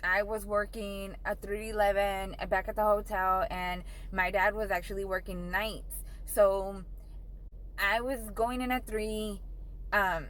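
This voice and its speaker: A woman's voice: mid-range voice, level tone, a little slow, a bit bright, low-quality recording. A young woman vlogger telling a story in a casual, rambling way, swearing often and saying "like" a lot. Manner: profane, rambling, says "like" a lot.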